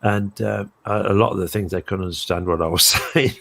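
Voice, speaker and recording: A man from Britain chatting casually on a live stream, an old-fashioned talker who tells lively stories. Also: low voice, fairly quick, creaky. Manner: self-described old-fashioned, lively storyteller.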